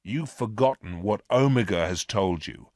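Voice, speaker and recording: A man's voice: lowish voice, lively intonation, unhurried, darkish tone, no echo, studio quality. A man voicing a sly male stranger who bargains with thieves in a storybook reading, with a mocking manner. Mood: smug.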